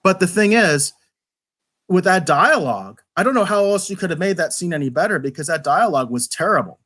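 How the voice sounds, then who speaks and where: A man's voice: sits high, expressive, fairly quick, fairly bright tone. A man casually reviewing an episode on a podcast, rambling and stumbling over repeated words as he critiques with exasperation.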